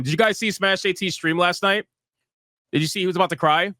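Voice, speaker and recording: A man's voice: on the high side, animated, rapid-fire, sharp tone, no room sound, studio quality. A man hosting a live gaming stream, talking in a profane, mocking and emphatic way. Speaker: streamer host.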